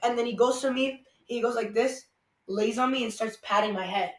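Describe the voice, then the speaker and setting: A man's voice: very high voice, normal speed. Rambling man in an echoey room. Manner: rambling, full of "like" and restarts. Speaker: podcast host. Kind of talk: casual storytelling. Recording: echoey room, far from the mic.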